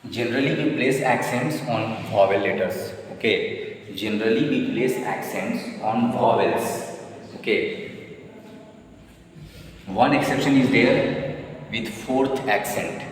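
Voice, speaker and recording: Slow, patient male teacher in an echoey room. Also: lowish voice, a little hiss or hum. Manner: repeats words and checks with "okay?". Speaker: French teacher. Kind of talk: slow, repetitive language lesson. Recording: echoey room with long reverb.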